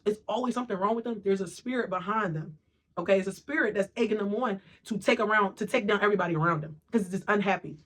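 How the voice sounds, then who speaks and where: A motivational speaker giving an emphatic monologue, often checking in with "right?" and "okay?". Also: medium pitch. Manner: acts out quoted voices of other people.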